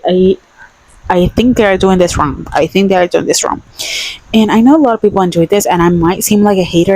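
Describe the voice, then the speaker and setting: A woman's voice: mid-range voice, a little mellow, poor audio. A young woman vlogging a casual book review, emphatic and exasperated, repeating her points.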